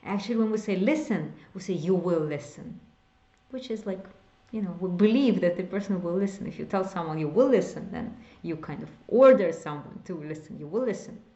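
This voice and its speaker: A Hebrew teacher leads a beginners' language lesson, moving step by step, explaining slowly, repeating example phrases and whispering some words to demonstrate. Her voice sits fairly low with a warm tone. The room is echoey and the highs are cut off.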